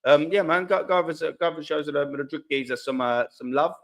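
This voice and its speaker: A man's voice: a little high, fast, vocal fry. A young man hosting a live fan stream, chatting casually in slang and reading viewer comments aloud. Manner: laid-back, slangy, reads chat aloud.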